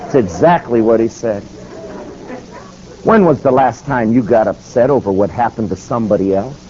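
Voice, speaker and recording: A man preaching a sermon with emphatic, animated storytelling. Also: mid-range voice, normal speed. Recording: dull lo-fi with faint noise.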